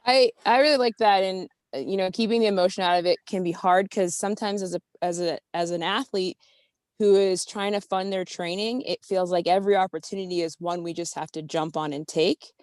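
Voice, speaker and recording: Woman athlete on a call, lowish voice, dry close sound, thoughtful. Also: fairly even intonation, a little fast, a little mellow, no echo. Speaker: athlete, webinar participant. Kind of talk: casual advice on a video call.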